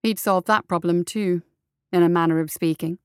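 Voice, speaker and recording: A woman narrating a story in a measured, even storytelling manner. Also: lowish voice, smooth, no room sound, studio quality. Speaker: audiobook narrator. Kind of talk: scripted narration.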